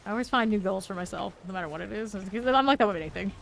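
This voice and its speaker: A laid-back woman streamer from Florida talks with a light Southern lilt, a touch of vocal fry running under her mid-pitched voice. She chats easily with viewers while she plays, answering them between moves. A faint hiss sits behind her. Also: racing, fairly bright tone. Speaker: game streamer. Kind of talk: casual chat while playing a game.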